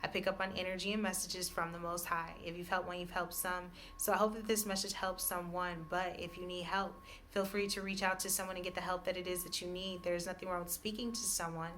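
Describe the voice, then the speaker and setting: A woman's bright, forceful voice on a low-pitched register, reading spiritual messages for her listeners. She circles each idea in repeated, hedging phrases and breaks into laughs often. Faint room ambience sits behind her. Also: flat delivery, fast, hardly any pauses, slight background noise. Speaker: intuitive reader.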